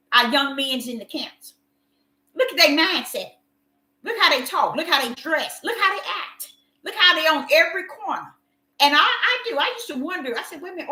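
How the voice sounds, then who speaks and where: Woman preacher, impassioned and repetitive, with a bright, lively voice in an echoey room. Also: high-pitched. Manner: impassioned, repetitive, addresses listeners as y'all. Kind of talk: sermon.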